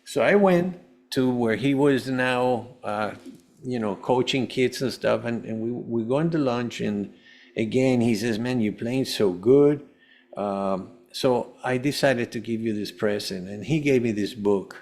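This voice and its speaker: A man's voice: medium pitch, a little slow. A man, a holistic health coach, telling his personal story as a podcast guest in an earnest, rambling way with many restarts.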